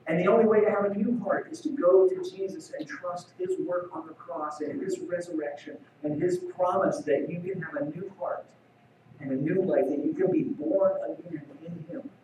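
A man's voice: high-pitched, moderate pace, noisy background. A man preaching a sermon as pastor, earnest and emphatic. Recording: very echoey hall, far from mic.

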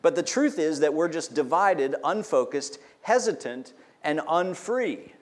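A man's voice: a little high, lively intonation, unhurried. A man preaching a sermon as pastor, explaining scripture and asking the congregation questions. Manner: teaching, asks the congregation questions.

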